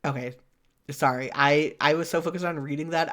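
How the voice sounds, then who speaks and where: Male streamer, a bit high-pitched, chatty asides, self-mocking, casual game commentary. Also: fairly even intonation, moderate pace, fairly bright tone. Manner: chatty, self-deprecating, fillers.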